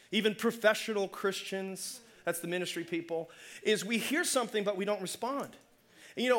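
A man preaching a sermon as pastor, conversational and energetic, calling out to the congregation. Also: high voice. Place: church.

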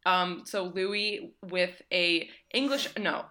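A woman's voice: on the low side, slow, pushed and bright. A young woman co-hosting a podcast, talking enthusiastically with fillers and laughter. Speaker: podcast co-host. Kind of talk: casual chat.

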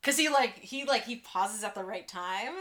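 A young woman co-hosting a podcast, excitable and gushing as she talks. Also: medium pitch, moderate pace. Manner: excitable, gushing, swings between hushed and loud. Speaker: podcast co-host. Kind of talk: casual chat.

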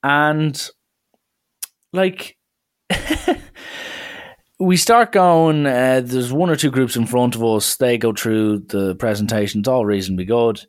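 A young man, casually telling a story from his college days in a lively, chatty way full of filler words. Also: medium pitch, takes it slowly, long pauses.

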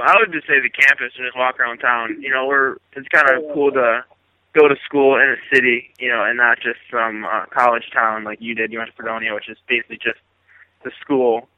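A young man in his twenties, a college hockey player, chatting haltingly in an interview. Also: mid-range voice, no echo, muffled recording. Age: 20s. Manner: halting, full of "you know" fillers. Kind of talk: casual interview chat.

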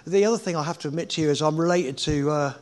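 Middle-aged guy telling rambly stories, swears a lot, kinda high voice, casual chat. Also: fast. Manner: animated, swearing, laughing anecdotes. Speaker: guest. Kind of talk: casual storytelling interview.

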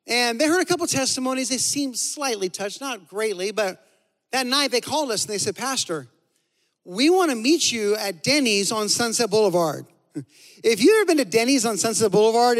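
High-voiced pastor preaching in a reverberant hall. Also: male voice. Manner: animated storytelling, voice swings from hushed to loud. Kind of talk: sermon.

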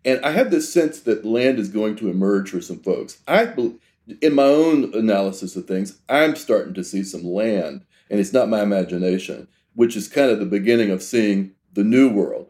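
A man's voice: fairly low pitch, expressive, normal speed, a little mellow. A man hosting a podcast interview, speaking reflectively in extended metaphors. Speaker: podcast host. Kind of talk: conversational interview.

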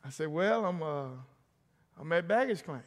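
A man's voice: a little high, lively intonation, normal speed. A middle-aged man preaching a sermon as a pastor, telling stories and calling out to the congregation. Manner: storytelling, calls out to the congregation. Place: church sanctuary. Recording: long hall reverb.

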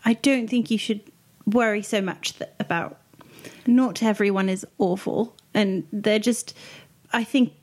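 A woman playing her character in a tabletop game, speaking gently and hesitantly with many fillers. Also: medium pitch, measured pace. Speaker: player. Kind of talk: in-character tabletop role-play.

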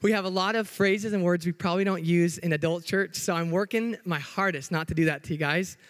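A young man preaching a sermon as a youth pastor in church, hyper and upbeat, joking with the congregation while trying to slow down. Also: high-pitched. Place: church sanctuary.

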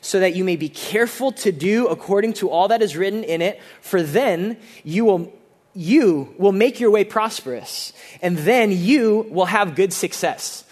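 A man preaching a sermon as pastor, earnest and conversational, with frequent restarts and sudden low, quiet drops for emphasis. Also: lively intonation, measured pace.

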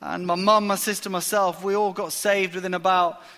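Guy preaching, high voice, long reverb off the hall, acts out the characters. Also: moderate pace. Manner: lively storytelling, acts out the characters' lines. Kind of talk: sermon.

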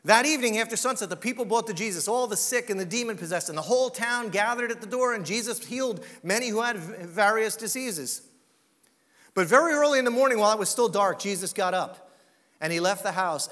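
A man preaching a sermon as pastor, dramatic and dropping to a hush for emphasis. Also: high voice, long reverb tail.

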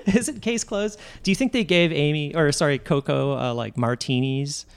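A man's voice: fairly high pitch, normal speed, creaky, clean tone. Easygoing man podcast co-host. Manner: easygoing, frequent agreeing interjections. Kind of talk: casual chat.

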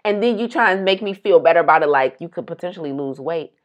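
A woman, co-hosting a casual chat and telling animated stories. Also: on the low side, fast. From Detroit. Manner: animated storytelling, acts out quotes. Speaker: podcast co-host.

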